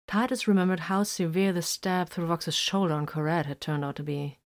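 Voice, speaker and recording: Low-pitched female narrator for a sci-fi audiobook, measured and even. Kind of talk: scripted narration of fan fiction.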